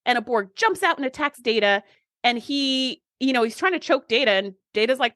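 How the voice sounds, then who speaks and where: A woman's voice: fairly high pitch, moderate pace, dry recording, studio quality. A woman co-hosting a podcast, recapping an episode in casual chat and acting out her own reactions. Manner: animated, acts out reactions. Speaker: podcast co-host.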